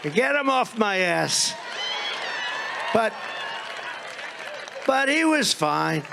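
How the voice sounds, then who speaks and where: Gravelly, high-pitched man giving a rally speech. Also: big pitch swings, very slow, a crowd in the background, noisy background. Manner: rambling, mocking storytelling with acted-out dialogue. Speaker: political speaker at a rally.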